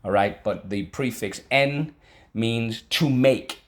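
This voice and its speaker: A man teaching a vocabulary and spelling lesson, breaking words into syllables slowly and talking casually with frequent check-ins. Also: mid-range voice. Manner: slow, deliberate syllable-by-syllable teaching; conversational, with frequent fillers like "all right".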